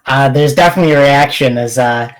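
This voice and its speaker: A man narrating as game master at a tabletop game, unhurried, with filler words. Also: mid-range voice, rough recording.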